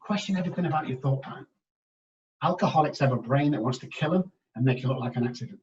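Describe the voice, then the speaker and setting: A man's voice: on the high side, fast, a little hiss or hum. Emphatic older man telling his story. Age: 60s. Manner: emphatic, swings between hushed and loud. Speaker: guest, recovery expert. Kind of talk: candid podcast storytelling. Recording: dull, distant podcast audio.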